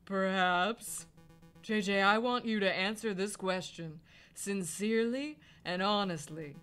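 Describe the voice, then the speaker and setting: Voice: medium pitch, measured pace, a bit bright, clear, resonant tone, faint music behind, lightly acted. A player voicing a smug, prying male bird lawyer who speaks coolly.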